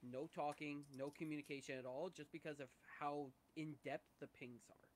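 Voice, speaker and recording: Higher-voiced man, enthusiastic podcast chat. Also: fairly even intonation, normal speed, slight background noise. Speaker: podcast co-host. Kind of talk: casual gaming podcast discussion.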